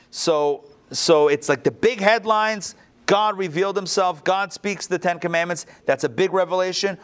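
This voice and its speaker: A man teaching a Torah text-study class in a conversational, animated way, reading passages and adding casual asides. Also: high voice.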